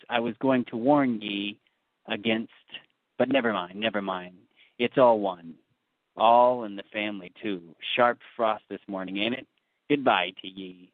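A man's voice: on the low side, no echo, lightly acted. Elijah, a cryptic old-fashioned sailor prophet, as a man reads him. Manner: old-fashioned seafaring dialect, veiled warnings. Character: strange cryptic male sailor prophet, ominous. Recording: tinny phone-like, dry.

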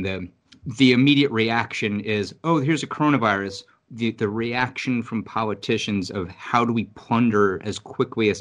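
Low-voiced profane New York man rambling. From New York City. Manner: rambling, profane, animated storytelling. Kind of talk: casual conversation. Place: Virginia.

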